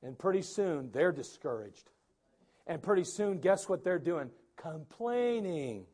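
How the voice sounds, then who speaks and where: A man preaching a sermon as pastor, animated and acting out the people's words. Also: on the high side, measured pace, breathy edge.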